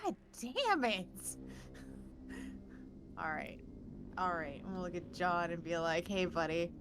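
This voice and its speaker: A woman's voice: lowish voice, very animated, measured pace, music in the background. A woman playing in a live tabletop game, giggly and teasing, acting out her character's lines. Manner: giggly, teasing, acts out quotes. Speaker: player.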